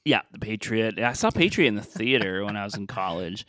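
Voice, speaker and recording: With a lowish, fairly bright voice and lively intonation, this man co-hosts a podcast at a fairly quick pace, keeping things casual with frequent jokes and laughter. The audio is dry, clean studio sound.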